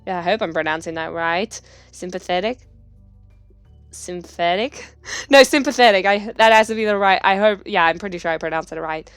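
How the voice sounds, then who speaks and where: A woman hosting a casual gameplay commentary, chatty and excitable in her reactions. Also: on the low side, brisk, few pauses, clear, resonant tone, dry recording, soft background music. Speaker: gaming channel host.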